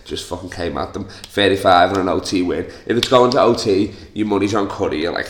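Young Scouse male host, deep voice, rambling jokey swearing rant, echoey home room. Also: brisk, few pauses, fairly bright tone, slight background noise. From Liverpool, England. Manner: rambling, joking, swears a lot. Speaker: podcast host. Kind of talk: casual solo podcast rant. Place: living room.

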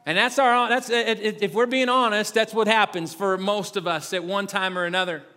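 A middle-aged male pastor with a high voice, preaching in a relaxed, chatty way that mixes self-mocking stories with repeated phrases. He often stumbles and restarts mid-sentence. His voice rings with the long reverb of a large hall. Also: normal speed. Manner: conversational, self-mocking storytelling with many restarts. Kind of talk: sermon.

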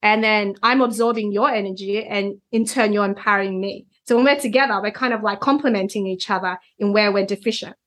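A woman's voice: mid-range voice, fairly even intonation, fairly quick, hardly any pauses, fairly bright tone. A woman, a guest reader, explaining concepts in a conversational chat and often checking in with "right?". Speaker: Human Design reader, guest.

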